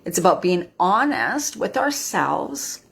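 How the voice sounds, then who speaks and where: Husky woman in her fifties coaching. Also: fairly low pitch, very animated, slow, a bit bright. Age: 50s. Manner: earnest, tags lines with "right?". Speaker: midlife wellness host. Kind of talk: live-streamed motivational talk.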